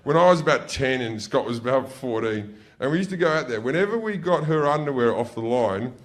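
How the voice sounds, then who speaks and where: A man with an Australian accent telling profane stand-up stories on stage, often breaking into loud yelled impressions of family members. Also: mid-range voice, animated, a little fast. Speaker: stand-up comedian. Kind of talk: stand-up storytelling. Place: stage before a laughing audience.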